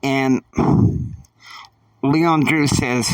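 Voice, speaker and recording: A man narrates a sprawling homemade saga, halting and rambling with many fillers. His voice sits slightly high and his pace is slow. The sound is dry, from a mic placed well away from him. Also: lively intonation, no echo, far from the mic, rough recording. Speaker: storyteller.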